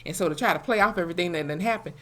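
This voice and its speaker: A young woman, recapping a TV episode in an animated, profane way and acting out the characters' lines. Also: fairly low pitch, very fast. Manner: animated, profane storytelling with acted-out quotes. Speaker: TV episode reviewer. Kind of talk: casual recap vlog.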